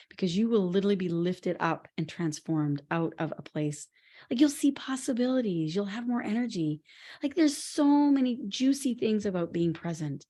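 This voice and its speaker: A woman co-hosting a podcast in casual conversation, telling lively stories and laughing often. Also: lowish voice. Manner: animated, laughing storyteller. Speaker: podcast co-host.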